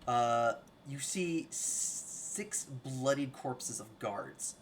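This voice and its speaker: A man's voice: mid-range voice, lively intonation, very slow, a little hiss or hum. A man running a tabletop game as game master, reading rules and scene descriptions with some stumbles and restarts.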